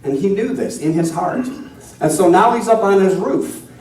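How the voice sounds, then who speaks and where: A man's voice: sits high, lively intonation, normal speed, darkish tone. A male minister preaching in a conversational, self-deprecating way, telling stories to his congregation. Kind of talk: sermon with storytelling. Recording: echoey hall from far off.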